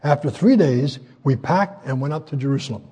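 An older man preaching a sermon in a folksy, conversational way, pausing often with fillers and raising his voice when he quotes scripture. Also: mid-range voice, animated, dark tone, husky. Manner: folksy, conversational, frequent hesitations; voice rises when quoting scripture.

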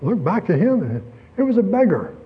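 A man preaching a sermon, telling a story and asking rhetorical questions with lively emphasis. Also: high voice, brisk, husky, phone-quality sound.

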